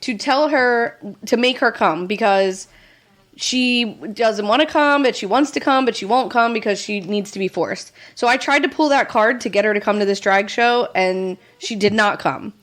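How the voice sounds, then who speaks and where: A woman co-host chatting casually on a podcast. She tells her stories with a lot of energy, swears freely and keeps breaking into laughter. Her voice sits a bit high. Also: moderate pace. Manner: laughs often, swears, animated storytelling. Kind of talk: casual chat.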